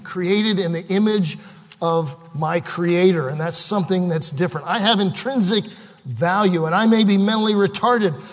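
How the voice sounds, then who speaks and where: High-voiced preacher man in a reverberant hall. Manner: impassioned, swings from loud bursts to quiet, slow reading. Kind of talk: sermon.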